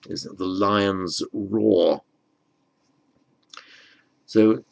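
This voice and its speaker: A man teaching a slow, patient grammar lesson, spelling out words and rules. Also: deep voice, steady tone, creaky, poor audio. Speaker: Sanskrit teacher.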